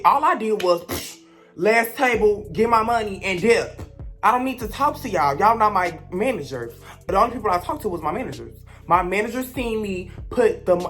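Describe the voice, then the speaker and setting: A young woman, telling a blunt, gossipy storytime rant as a vlogger. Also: medium pitch.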